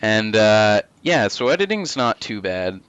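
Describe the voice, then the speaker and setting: Young man, late teens, bright and crisp voice, lowish pitch, dry close sound, casual gaming chat, candid, swears freely. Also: sing-song, a little slow, dry recording, dull audio. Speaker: co-host and video editor.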